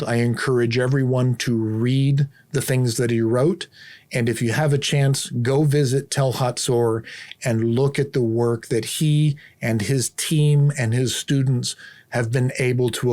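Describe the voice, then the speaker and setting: Animated male storytelling host. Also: medium pitch, measured pace. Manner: animated storyteller acting out his own reactions. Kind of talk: casual storytelling to camera.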